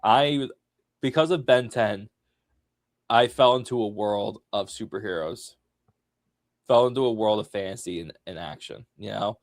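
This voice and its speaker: A man co-hosting a podcast, chatting casually and telling a story with big swings between loud and soft. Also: fairly low pitch, unhurried, long pauses, dry recording, studio quality. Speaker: podcast co-host.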